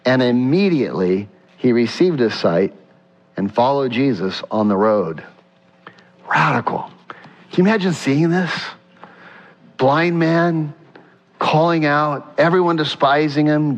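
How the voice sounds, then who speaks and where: A male pastor preaching a sermon, reading scripture aloud and asking the congregation rhetorical questions. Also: medium pitch. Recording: dull sound in a reverberant hall.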